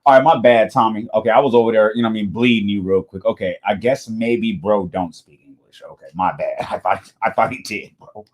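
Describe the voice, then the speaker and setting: A man hosting a reaction video, talking in casual, animated, slangy commentary with frequent laughs and swearing. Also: lowish voice, fairly quick, few pauses.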